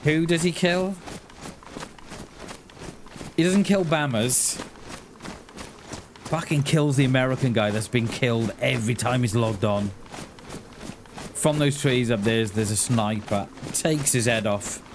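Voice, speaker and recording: A man's voice: mid-range voice, measured pace, pauses often. A man streaming a survival game, chatting casually and rambling through a story as he plays, often correcting himself mid-sentence. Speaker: gaming streamer. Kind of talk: casual chat while playing. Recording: noisy stream audio.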